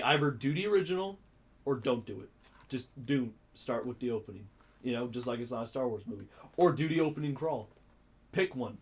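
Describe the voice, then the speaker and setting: A young man co-hosting a podcast, chatting casually about films, excitable and profane, acting out scenes with loud outbursts. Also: medium pitch. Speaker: podcast co-host. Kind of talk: casual film chat.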